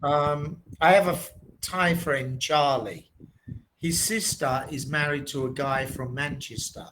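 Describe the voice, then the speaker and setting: A man from southeast England with a southern English accent, tutoring English in an online lesson and speaking slowly and plainly. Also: on the high side, fairly bright tone, slight background noise, poor audio. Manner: slow, plain, deliberate speech. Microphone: video call.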